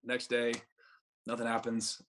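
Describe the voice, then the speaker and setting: A man's voice: mid-range voice, completely flat delivery, unhurried, fairly bright tone, a little hiss or hum. A young man in his twenties, a podcast guest, telling a rambling anecdote full of fillers and acted-out dialogue. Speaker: podcast guest, baseball pitcher. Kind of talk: casual storytelling.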